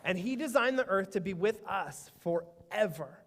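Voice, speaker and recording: A man's voice: sits high, lively intonation, normal speed. A man leading a playful children's sermon in church, teasing and quizzing the kids. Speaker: children's pastor. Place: church sanctuary. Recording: echoey church sanctuary.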